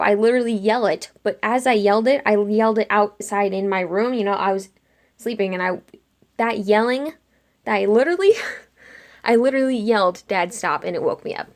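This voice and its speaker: A young woman chatting casually while she sketches, retelling a dream in an animated way and acting out her own lines with lots of "like". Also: medium pitch, normal speed. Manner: chatty, animated quoting of herself with frequent "like". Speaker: art vlogger.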